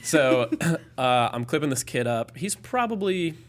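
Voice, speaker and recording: A man's voice: fairly high pitch, measured pace. A young man in his twenties, a podcast guest, telling a casual story full of "like" and fillers. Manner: animated, filler-heavy storytelling with lots of "like".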